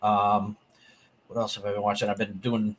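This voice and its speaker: Laid-back low-voiced man guest. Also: level tone, normal speed, slight background noise. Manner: laid-back, hesitant with fillers. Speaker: returning guest. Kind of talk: casual chat.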